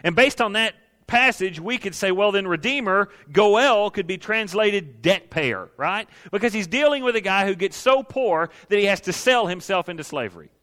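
A man's voice: high-pitched, lively intonation, normal speed, bright, forceful tone. A man preaching a sermon, folksy and emphatic, speaking directly to his congregation. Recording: long hall reverb.

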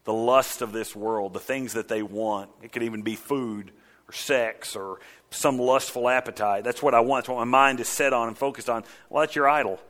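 Man, pastor, sermon, emphatic, repetitive, bright tone. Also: mid-range voice, fairly even intonation, normal speed. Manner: emphatic, repeating phrases, rising to near shouts. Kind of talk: sermon with scripture reading.

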